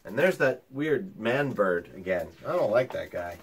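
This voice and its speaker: A teacher reading a picture book aloud to young children, with chatty asides to them. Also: male voice, fairly low pitch, lively intonation, unhurried, husky. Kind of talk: storytime read-aloud.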